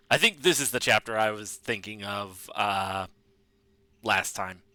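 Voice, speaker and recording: A man's voice: lowish voice, a little slow, bright, forceful tone. A man streaming a game, chatting casually in a laid-back way.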